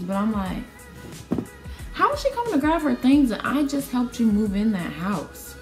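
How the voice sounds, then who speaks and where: A young woman chats through a storytime vlog, her slangy, animated delivery jumping into quoted dialogue. She sits at medium pitch, recorded on a camera mic in a roomy, echoing space with faint music underneath. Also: brisk. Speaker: vlogger telling a personal story. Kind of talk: casual storytime. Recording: roomy echo.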